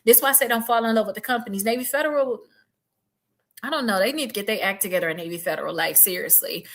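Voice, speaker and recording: A woman's voice: mid-range voice, quick pace. A woman giving casual credit advice to her viewers, blunt and emphatic, calling them y'all. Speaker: credit repair advisor.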